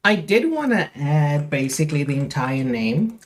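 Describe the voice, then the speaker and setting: A man's voice: on the high side, big pitch swings, moderate pace. A young man chatting casually on a live stream, rambling with lots of fillers as he talks straight to his viewers.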